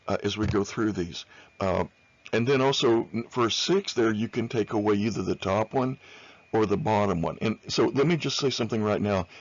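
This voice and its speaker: A man's voice: on the low side, muffled recording. A man lecturing on chemistry over slides in an informal way, with many fillers, often repeating key points.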